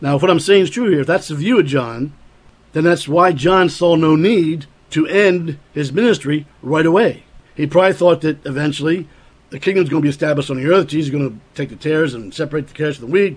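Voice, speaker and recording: A man's voice: a little high, brisk, breathy edge. A man preaching a sermon, explaining scripture earnestly and acting out quoted lines with a raised voice.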